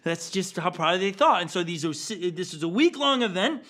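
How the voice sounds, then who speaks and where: High, bright-voiced casual male pastor. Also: animated, brisk. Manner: casual and playful, with frequent "okay?" and "like"; acts out quoted characters with a chuckle. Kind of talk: conversational sermon.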